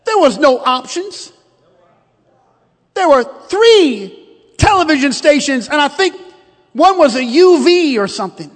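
A man's voice: extremely high pitch, big pitch swings, unhurried, pauses often, in a large hall. A middle-aged male pastor preaching a sermon, telling stories and joking, calling out to the congregation. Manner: storytelling, joking, calls out to the congregation. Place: church sanctuary.

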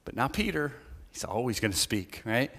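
A man preaching an Easter sermon as pastor, in a conversational, animated storytelling manner that acts out the people in his story. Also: mid-range voice, normal speed, creaky, long reverb tail. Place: church.

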